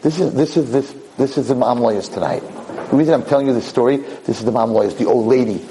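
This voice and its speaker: Mellow-voiced rabbi telling a story. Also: male voice, mid-range voice, fast, slight background noise, low-quality recording. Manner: animated, repeats words for emphasis. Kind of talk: Torah lecture storytelling.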